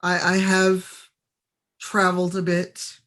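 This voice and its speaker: A game master voicing a blunt, deadpan hulking male horned warrior in a tabletop game, in a plain everyday voice. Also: medium pitch, takes it slowly. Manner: deadpan, matter-of-fact.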